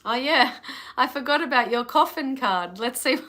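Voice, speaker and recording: A woman's voice: fairly high pitch, moderate pace, sharp tone. A woman with an Australian accent doing a casual live tarot reading and chatting with viewers between cards. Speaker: tarot reader.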